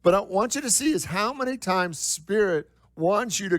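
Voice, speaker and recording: A man's voice: sits high, expressive, normal speed, hardly any pauses, a bit bright, no echo. A male minister delivering a sermon in a conversational style, asking the congregation questions and repeating key phrases for emphasis. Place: church.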